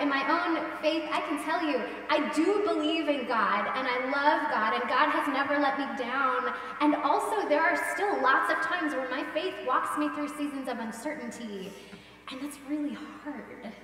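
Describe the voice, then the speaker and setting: A woman pastor giving a casual, animated sermon and acting out the voices she quotes. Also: high voice. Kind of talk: conversational sermon. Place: large church sanctuary. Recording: echoey church hall, distant mic.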